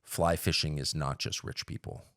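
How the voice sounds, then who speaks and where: A man's voice: very deep voice, steady tone, moderate pace, a bit bright, no room sound, studio quality. A middle-aged man, a podcast guest, talking bluntly and opinionatedly in casual chat with frequent restarts.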